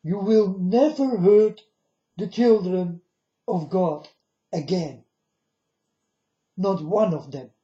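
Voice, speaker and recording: A man's voice: high-pitched, takes it slowly, long pauses, dark tone. A man speaking to his viewers in a solemn monologue, delivering warnings and often calling them "folks". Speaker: video blogger. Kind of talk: monologue to camera. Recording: dull lo-fi recording.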